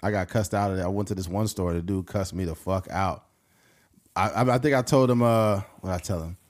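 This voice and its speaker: A man co-hosting a casual podcast, telling stories in an animated way and jumping into loud mimicked voices. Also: sits low, fairly quick. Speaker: podcast co-host.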